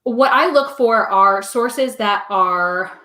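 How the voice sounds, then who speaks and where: A woman's voice: medium pitch, slow, sharp tone. A woman joining a live stream by video call, explaining things in a matter-of-fact, casual way. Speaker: team member, guest on the stream. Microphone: webcam on a video call. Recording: echoey room over a video call.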